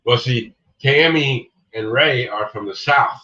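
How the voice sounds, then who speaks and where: A man's voice: mid-range voice, takes it slowly, pushed and bright. A man hosting a casual livestream, rambling and answering viewers by name. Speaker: livestream host. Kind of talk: casual livestream chat reading viewer comments. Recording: dull lo-fi stream audio, distant from mic.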